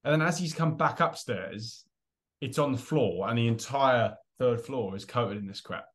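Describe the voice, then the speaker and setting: Young bloke on a podcast, lively storytelling, laughs a lot, mid pitch. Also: male voice, normal speed. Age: young adult. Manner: animated storyteller, laughs often, acts out quotes. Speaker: podcast co-host. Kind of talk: casual chat.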